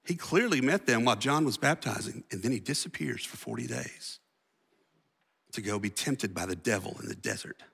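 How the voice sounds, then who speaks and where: Bright-voiced man preaching in a hall. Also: mid-range voice, lively intonation, moderate pace, creaky, husky. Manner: casual, slangy storytelling preacher. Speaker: pastor. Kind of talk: sermon. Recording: reverberant church hall.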